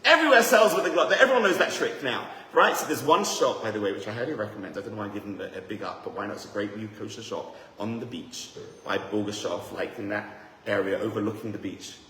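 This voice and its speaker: A man giving a lively, joking seminar talk as a rabbi, teasing himself and the audience. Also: lowish voice, fast. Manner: animated, joking, self-deprecating. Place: room with a live audience. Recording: echoey hall, faint noise.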